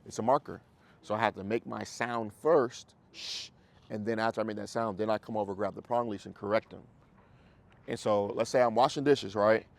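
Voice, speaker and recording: A male dog trainer explains methods to his class in a loose, animated way, acting out what dogs and owners say. His voice sits low and has a gravelly edge, and he swears casually. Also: a little fast. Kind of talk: casual coaching in a group class.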